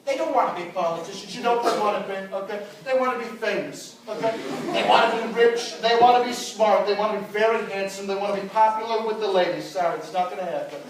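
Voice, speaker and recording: A blustering, self-praising older American politician, as a comedian MC puts him on, in a put-on American accent that sits high for a man. He brags and hammers every point with "okay?". The voice rings through a very echoey lecture hall, caught by a distant mic. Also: quick pace, natural voice. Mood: boastful. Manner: bragging, repeats "okay?" and "let me tell you". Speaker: MC of a student debate. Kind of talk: stand-up impression.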